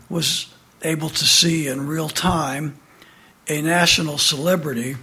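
A man in his seventies from the American Midwest gives an address and tells a childhood memory, sometimes emphatic and sometimes hushed. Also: fairly high pitch. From Midwestern United States. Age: 70s. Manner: animated storyteller, alternately emphatic and hushed. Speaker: speaker giving an address. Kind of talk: personal recollection in a prepared address.

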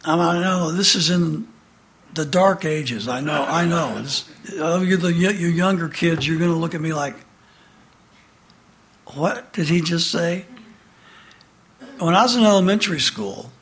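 A man in his seventies from the American Midwest gives an address and tells a childhood memory, sometimes emphatic and sometimes hushed. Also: on the high side, normal speed. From Midwestern United States. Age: 70s. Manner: animated storyteller, alternately emphatic and hushed. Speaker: speaker giving an address. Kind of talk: personal recollection in a prepared address.

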